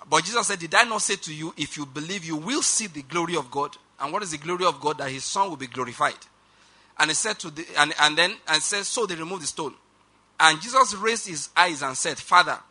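A man preaching a sermon, reading scripture aloud and slowing down to stress key lines while urging the congregation to respond. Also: fairly high pitch, sharp tone. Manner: reads scripture aloud, slows for emphasis, urges the congregation.

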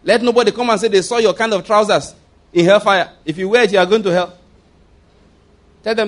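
A middle-aged male pastor preaching a sermon in an emphatic, animated way, often repeating his phrases. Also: sits high, a little fast, pauses often.

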